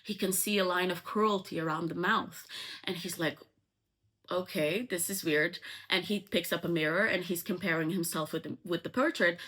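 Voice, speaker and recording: A woman retelling a novel's plot in a chatty, casual way, dropping likes and ums as she goes. Her voice sits on the lower side for a woman, with a bright, clear tone. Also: fairly even intonation, brisk. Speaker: book explainer.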